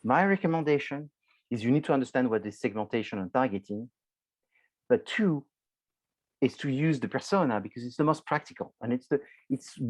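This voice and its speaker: A man's voice: medium pitch, no room sound, poor audio. A man lecturing a university marketing class, explaining loosely with many restarts and filler words, addressing students directly.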